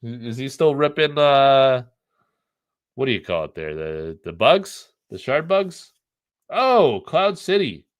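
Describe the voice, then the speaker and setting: A man's voice: mid-range voice, sing-song, slow. A middle-aged man from the United States hosting a casual live stream, joking, rambling and reading the chat aloud.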